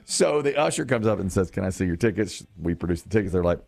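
Man, gravelly, lively pitch, low voice, morning radio co-host, casual storytelling. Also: fast. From American South. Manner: animated storyteller, jumps to high voices for quotes.

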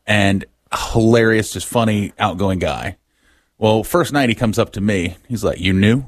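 A fairly low-voiced man co-hosting a casual radio show, his pitch moving around a lot. He tells stories with wry asides, and the sound is close and dry. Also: a little slow, dry recording. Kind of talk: casual morning show banter.

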